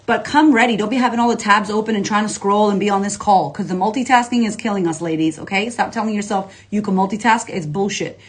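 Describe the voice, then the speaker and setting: An energetic woman life coach chats live to her followers over a phone or webcam. She speaks at a middle pitch, loose and slangy, with plenty of swearing, and stops now and then to read out comments. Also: fast, few pauses. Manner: energetic, slangy and profane, reads out viewer comments. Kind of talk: casual livestream talk to followers.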